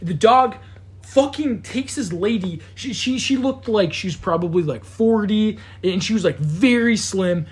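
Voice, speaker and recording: A man's voice: high voice, a little slow, husky. A young man casually telling a wild story to friends on a podcast, swearing often, stumbling over restarts and acting out sounds. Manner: animated, swears a lot, mimics sounds, many restarts. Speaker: podcast co-host.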